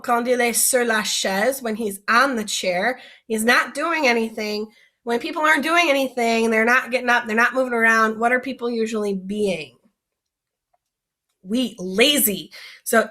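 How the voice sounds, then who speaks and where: A woman's voice: a little high, bright, forceful tone. Patient woman teaching a vocabulary lesson. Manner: patient, explains each word slowly and asks the students questions. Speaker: French teacher.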